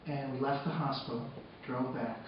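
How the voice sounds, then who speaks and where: A man telling a personal story on stage, moving between hushed, sombre narration and loud, excited retelling. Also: mid-range voice, moderate pace. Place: arts center stage before a live audience. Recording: echoey hall from far off, dull and noisy.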